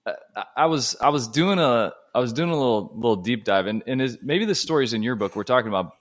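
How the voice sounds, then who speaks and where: A man hosting a podcast interview, asking questions in a casual, halting way with many restarts. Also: medium pitch, lively intonation. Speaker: podcast host.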